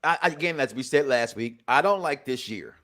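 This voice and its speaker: A man's voice: mid-range voice, expressive, normal speed, a bit bright. A man hosting a casual reality-show review chat, joking and rambling, often restarting his sentences. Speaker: podcast host.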